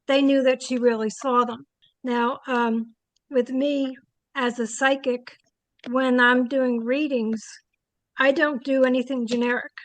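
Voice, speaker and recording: A middle-aged woman, a psychic guest, telling lively anecdotes with many fillers in an interview. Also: high voice, unhurried, dry recording, low-quality recording. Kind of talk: storytelling interview answers.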